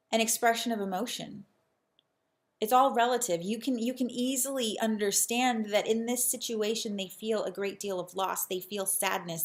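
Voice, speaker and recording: A young adult woman talking earnestly to camera in a casual personal vlog, reflective and prone to restarting her sentences. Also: a little high. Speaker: real estate agent and vlogger.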